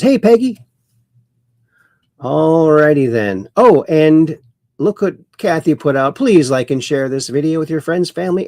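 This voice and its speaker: A man hosts a casual livestream, reading out viewer comments with playful little asides. His voice has a gravelly, fry-tinged edge. The sound is close and dry. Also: medium pitch, a little mellow, no room sound. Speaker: livestream host reading chat.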